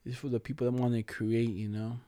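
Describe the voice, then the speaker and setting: A man's voice: mid-range voice, flat delivery, fast, warm tone, clear, resonant tone, no echo, clean studio sound. A young man telling stories in a slangy, laid-back way as a podcast co-host, laughing often. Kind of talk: casual chat.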